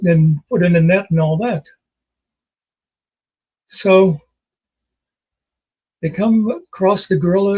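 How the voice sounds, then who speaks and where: A man in his sixties with a husky voice, chatting casually as a host and telling rambling jokes and memories. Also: high voice, darkish tone. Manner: rambling storyteller, laughs at his own jokes. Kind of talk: casual chat. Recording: dull lo-fi recording.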